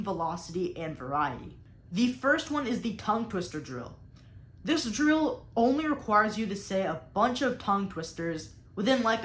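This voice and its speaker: A woman's voice: medium pitch, reverberant. A young woman explaining public speaking drills in an instructional video, in an encouraging, explanatory way. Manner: explanatory, encouraging, repeats and restarts phrases.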